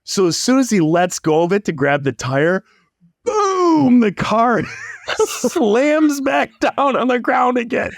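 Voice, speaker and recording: A man telling a long story in casual chat, animated and rambling. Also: very high voice, takes it slowly, dry recording, clean studio sound. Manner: animated, rambling, lots of likes.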